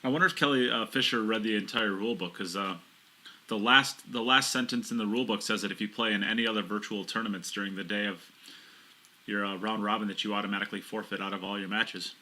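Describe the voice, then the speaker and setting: Man, from Wisconsin, pool co-commentator, low, forceful bright tone, halting. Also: steady tone. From Wisconsin, USA. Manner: joking, halting, with filler restarts. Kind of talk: live sports commentary.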